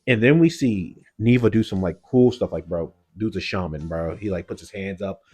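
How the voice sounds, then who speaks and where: A man's voice: low voice, normal speed, darkish tone, breathy edge. A man giving a casual, slangy recap of an anime episode, loose and full of "like" and "yo". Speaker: anime reviewer.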